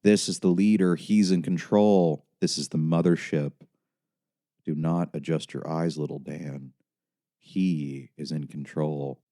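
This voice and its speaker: A man voicing a menacing male voice that announces itself over a loudspeaker as the one in control. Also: rumbling low, fairly even intonation, unhurried, no echo, studio quality. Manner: domineering, taunting.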